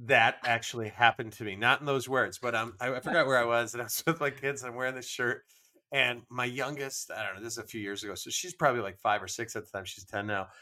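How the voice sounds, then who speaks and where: A man's voice: mid-range voice, steady tone, fast talker, bright, forceful tone. A man in his fifties co-hosting a podcast, telling stories in a wry, teasing way. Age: 50s. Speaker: podcast co-host. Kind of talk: casual chat.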